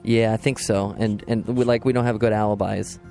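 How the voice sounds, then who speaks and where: A man's voice: on the low side, fairly even intonation, fairly quick, vocal fry, warm tone, faint music behind. A man co-hosting a radio show, reading news items with dry, brief remarks. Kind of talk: casual banter on a radio show.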